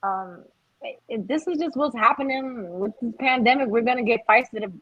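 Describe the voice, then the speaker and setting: Hesitant woman guest, somewhat high voice, muffled lo-fi sound with faint noise. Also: normal speed. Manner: rambling, hesitant. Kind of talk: casual chat. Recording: dull lo-fi line, faint noise.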